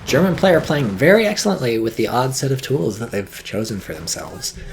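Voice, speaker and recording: A man giving casual, rambling game commentary, joking and swearing and getting excited as things happen. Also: medium pitch, normal speed, creaky, slight background noise. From not British. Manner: rambling, jokey, swears freely, gets excited.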